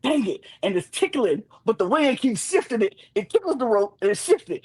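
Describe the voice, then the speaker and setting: A man, chatting on a podcast about a reality show. He retells the action with dramatic acted-out reactions, and his voice swings from low mutters to sudden high cries. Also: normal speed, husky. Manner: animated, acts out reactions with big pitch swings. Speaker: podcast co-host. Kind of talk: casual reality-TV recap chat.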